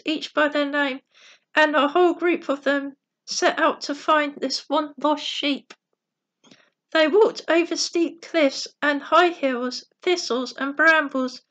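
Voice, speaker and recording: A woman reading a bedtime story aloud in a gentle, unhurried way, correcting herself now and then. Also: sits high.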